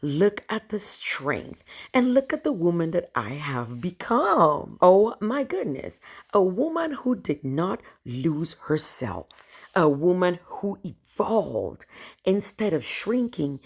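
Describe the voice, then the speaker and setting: A woman with a Cameroonian accent tells a personal story straight to her viewers. Her low voice swings widely in pitch, and her delivery is emotional and animated. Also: slow pace. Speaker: storyteller vlogger.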